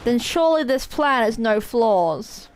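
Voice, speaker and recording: A woman's voice: on the high side, expressive, measured pace. A woman streaming a video game, giving rambling, giggly, self-mocking commentary. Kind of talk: casual gameplay commentary.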